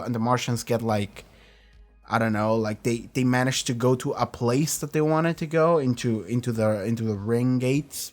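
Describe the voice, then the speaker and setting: A man's voice: mid-range voice, fairly bright tone. Casual rambling male reaction host. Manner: rambling, self-correcting, laughs often, casual swearing. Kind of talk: casual chat.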